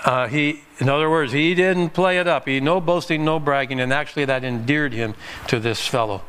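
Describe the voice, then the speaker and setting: A man's voice: a little high, normal speed, fairly bright tone, smooth. A man preaching a sermon as pastor, emphatic, pushing his voice up on key points and sometimes restarting words.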